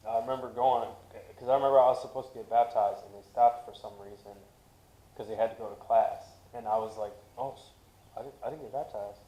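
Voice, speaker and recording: A man on a casual podcast talks fast and recalls things in quick, chatty bursts. His voice is mellow and dark, and the room echoes. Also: medium pitch, steady tone, highs cut off. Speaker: podcast co-host. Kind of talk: casual chat.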